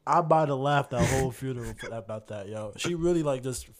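A young man co-hosting a casual chat, telling stories in a slangy, animated way and ending lines with "bro". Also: medium pitch, fairly quick. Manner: animated storyteller, slangy, ends lines with 'bro'. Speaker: podcast co-host.

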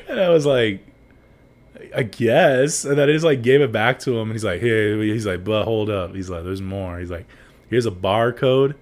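A man's voice: fairly low pitch, unhurried, pauses often. A young man telling a story in casual chat, rambling with lots of likes and restarts, laughing often.

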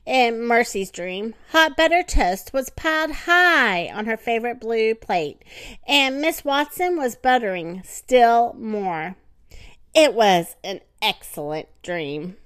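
A woman reading a children's story aloud in an expressive, animated manner with dramatic pauses. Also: sits high, no echo, clean studio sound.

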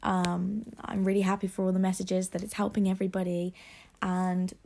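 Tearful young woman with a gravelly edge. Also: mid-range voice, little pitch movement, normal speed, warm tone. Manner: emotional, tearful encouragement. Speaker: podcast host. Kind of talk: heartfelt solo podcast talk. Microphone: phone propped on a laptop desk.

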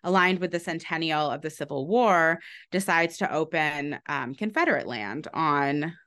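A woman author explaining her research in a conversational interview, thoughtful, with frequent pauses and restarts. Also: low-pitched, bright, forceful tone, clean tone. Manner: thoughtful, many "um"s and restarts, light laughs. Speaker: author guest.

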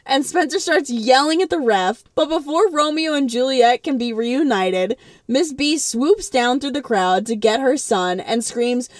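A young adult woman co-hosting a comedic recap podcast, playful and quick to put on silly voices. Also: high-pitched, animated, dry recording, clean studio sound. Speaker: podcast co-host. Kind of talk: casual comedic recap chat.

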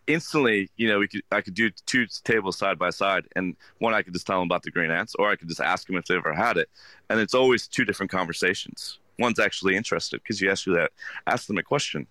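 A man, a restaurant owner, talking earnestly in an interview, halting with many restarts. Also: deep voice, sharp tone, dry recording. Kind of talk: casual interview talk.

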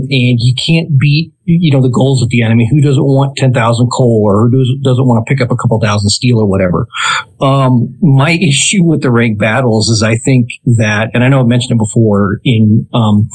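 Guy on a gaming podcast, mid pitch, rambles with lots of ums and restarts. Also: darkish tone, breathy edge, rough recording. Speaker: podcast co-host. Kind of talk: casual podcast chat.

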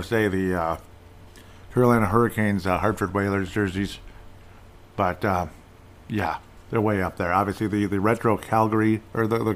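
A man with a fairly low voice hosts a casual solo podcast. He talks loosely, drifting into asides and filler words, with an eager fan's enthusiasm. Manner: enthusiastic fan talk. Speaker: podcast host.

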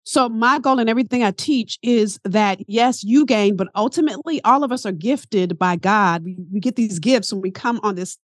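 A woman guest, a coach and teacher, talking in a casual interview as an animated, emphatic storyteller. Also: medium pitch, moderate pace, few pauses, no echo, clean studio sound.

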